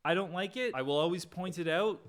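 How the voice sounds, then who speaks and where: A man's voice: high voice, a little fast. A man casually breaking down one of his songs, talking it through and singing lines on guitar. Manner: chatty, self-interrupting, breaks into singing lines. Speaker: songwriter teaching his own song.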